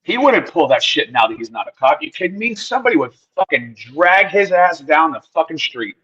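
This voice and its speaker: Rapid-fire, hoarse-voiced guy ranting on a muffled video call. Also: fairly high pitch, sing-song, bright, forceful tone. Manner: profane, heated, restarts words. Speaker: guest on a livestream. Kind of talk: casual chat.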